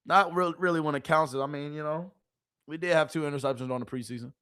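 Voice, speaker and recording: A woman streamer giving casual, animated sports commentary, full of rhetorical questions and slang. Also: low voice, fast talker, clean tone.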